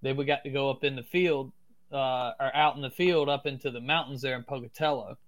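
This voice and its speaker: A man's voice: medium pitch, fairly even intonation, a little fast. Southern man telling a story. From Florida. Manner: laid-back, swears freely. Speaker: podcast guest. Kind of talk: casual storytelling.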